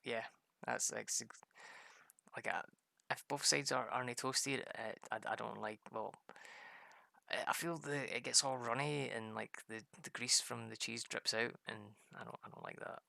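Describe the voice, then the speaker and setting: A man chatting his way through a game, rambling and laughing as he plays. His voice is bright and edgy with a gravelly fry, recorded close and dry with no room sound. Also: medium pitch, fairly even intonation, moderate pace, no echo. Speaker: gaming video host. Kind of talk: casual gameplay commentary.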